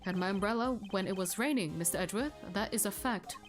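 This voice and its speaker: A woman voices a mild, evasive ice cream vendor, as she reads through a mystery game. The voice sits a little low and moves at a careful pace. Gentle music plays faintly behind. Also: quick pace, close to an everyday voice. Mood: polite. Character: soft-spoken male ice cream seller, polite and evasive.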